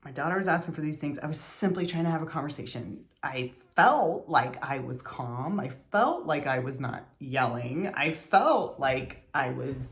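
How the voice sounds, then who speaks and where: A woman's voice: low voice, expressive, unhurried. Reflective woman in her forties. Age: 40s. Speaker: vlogger. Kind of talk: reflective personal monologue.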